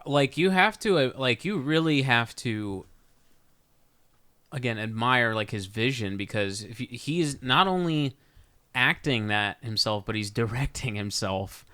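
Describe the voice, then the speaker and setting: Young man, bright voice, smooth and clear, dry close sound, casual enthusiastic movie chat. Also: mid-range voice, expressive, unhurried, dry recording. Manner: enthusiastic, recommends films. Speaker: podcast co-host.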